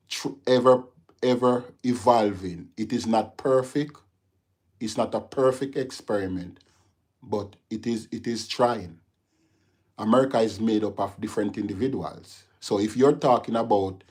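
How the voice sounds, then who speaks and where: A man's voice: lowish voice, normal speed, a little mellow. A man from Jamaica with a Jamaican accent, hosting a casual livestream and answering viewer comments, turning heated and lecturing. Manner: talks straight to viewers, gets heated and lecturing. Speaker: livestream host.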